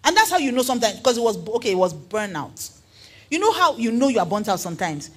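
A woman preaching a sermon in an earnest, animated way, asking her listeners questions. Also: on the high side, fast, breathy edge.

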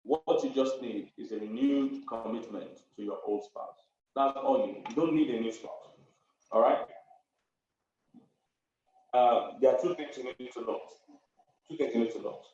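A man's voice: medium pitch, normal speed, pauses often, dark tone. A male pastor and counselor hammers his points home, repeating key phrases and laughing between them. His voice comes from far off the mic in a very echoey room. The sound is muffled and dull. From Africa. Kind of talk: preaching to an online audience.

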